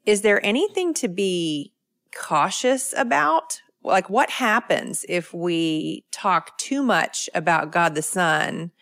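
A woman's voice: fairly low pitch, animated, slow, fairly bright tone, dry recording, clean studio sound. A woman co-hosting a podcast discussion, thoughtful, who asks questions and builds on the others' points.

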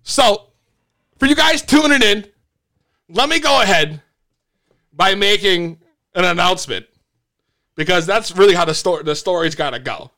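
A man's voice: high-pitched, animated, moderate pace, long pauses, bright, forceful tone. A man hosting a live stream, telling a long story in a casual way, swearing freely and often restarting his sentences. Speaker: livestream host.

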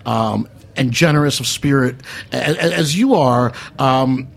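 A man's voice: mid-range voice, measured pace, vocal fry. A man co-hosting a podcast, joking and bantering in a casual, playful way. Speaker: podcast co-host.

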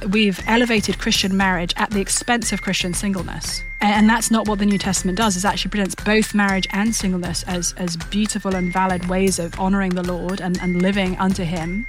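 A woman's voice: mid-range voice, little pitch movement, a little fast, few pauses, over music. Articulate Englishwoman, teasing guest. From England. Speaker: guest author. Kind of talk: casual chat.

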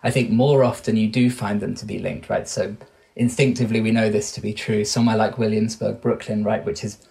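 A man's voice: on the low side, level tone, fairly quick, gravelly, darkish tone. A man in his thirties from Wales with an English accent, a guest on an interview podcast who speaks thoughtfully and keeps restarting and correcting his sentences. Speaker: guest researcher.

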